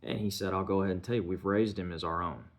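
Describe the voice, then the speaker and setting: A man's voice: sits low, fairly even intonation, fast. A man retelling a film's plot in a loose, conversational way, full of "you know" and "kinda" fillers. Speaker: film reviewer. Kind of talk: casual film plot recap.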